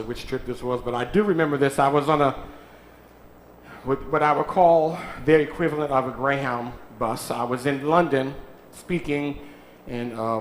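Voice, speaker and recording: A man's voice: mid-range voice, a little hiss or hum. A man preaching a sermon in a church, calling out to the congregation and teasing them. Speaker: pastor. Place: church sanctuary. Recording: echoey church sanctuary.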